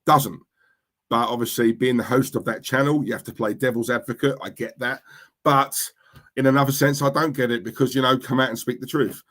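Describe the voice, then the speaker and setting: A man's voice: medium pitch, steady tone, a little fast, fairly bright tone. A young man with an East London Cockney accent, hosting a casual livestream and chatting as he reads out comments, blunt and repeating himself as he talks. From East London, England. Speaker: livestream host reading chat.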